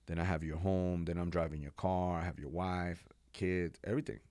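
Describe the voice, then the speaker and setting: A man in his forties, a pastor from New York, telling his life story as a podcast guest in an animated, casual way with slang. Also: sits low, normal speed, no echo. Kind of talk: personal testimony in a podcast interview.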